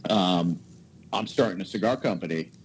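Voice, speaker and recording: A man in his forties, a guest cigar maker, telling stories in a casual, animated way and acting out quoted voices. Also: sits low, moderate pace, a little hiss or hum, low-quality recording. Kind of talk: casual storytelling.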